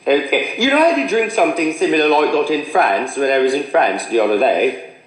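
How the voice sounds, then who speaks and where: A Jamaican man hosting a casual livestream, boastful and rambling, his pitch leaping up and down. His voice is fairly high for a man, and the room gives it a roomy echo with faint noise behind. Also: animated, brisk. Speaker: livestream host.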